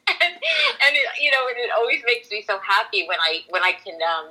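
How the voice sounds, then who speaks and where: A woman's voice: on the high side, wildly swooping pitch, brisk, pushed and bright, rough recording. A woman who works in voiceover, chatting eagerly as a podcast guest, full of "like" and "you know". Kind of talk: casual conversation.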